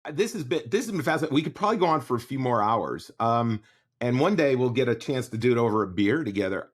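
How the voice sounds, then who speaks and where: A man's voice: mid-range voice, expressive, fast, husky. A man hosting a casual interview podcast, thanking his guest in an appreciative, easygoing way. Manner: warm, appreciative wrap-up. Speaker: podcast host.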